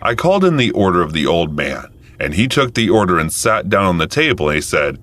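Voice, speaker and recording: Male narrator, very deep, lively intonation, calm first-person telling, faint music underneath. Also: fairly quick, few pauses. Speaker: story narrator.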